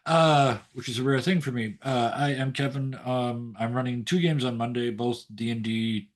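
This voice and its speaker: A man's voice: mid-range voice, steady tone, moderate pace. A man chatting casually on a tabletop gaming stream, laughing often and using lots of fillers. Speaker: game master and player introducing himself.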